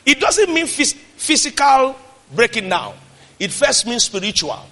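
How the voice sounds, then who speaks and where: High-voiced Nigerian pastor preaching. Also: male voice, big pitch swings, unhurried, long reverb tail. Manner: fiery preaching that swings from quiet to shouted declarations. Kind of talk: sermon.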